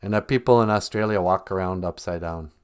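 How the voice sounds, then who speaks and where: A man's voice: deep voice, a little fast, clean tone. A middle-aged man co-hosting a casual morning chat, joking and teasing in a wry way. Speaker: co-host.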